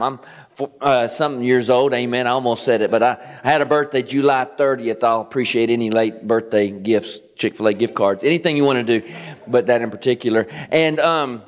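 Joking Southern preacher in a church. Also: male voice, mid-range voice, a little fast. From Kentucky. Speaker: guest pastor. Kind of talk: sermon. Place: church sanctuary. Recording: long church reverb.

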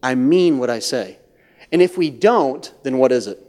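A man preaching a sermon as pastor of a church, swinging from hushed near-whispers to loud, high-pitched acted-out voices. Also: lively intonation, normal speed. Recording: long hall reverb.

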